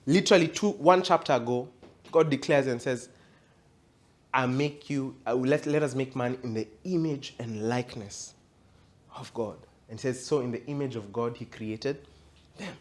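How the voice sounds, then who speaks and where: A male pastor giving an interactive Bible teaching, reading scripture aloud and quizzing his audience in a conversational way that rises to emphatic. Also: mid-range voice.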